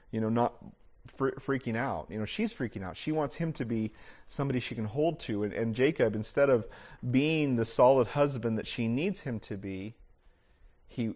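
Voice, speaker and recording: A middle-aged male pastor delivering a sermon in a casual, conversational way. His voice sits at an ordinary pitch for a man. He often restarts his sentences and leans on "you know.". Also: normal speed, darkish tone.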